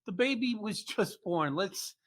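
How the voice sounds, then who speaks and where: A man's voice: high-pitched, measured pace. Older man spinning comic family yarns. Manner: deadpan punchlines, acts out quoted family members. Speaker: podcast host. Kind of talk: comic storytelling.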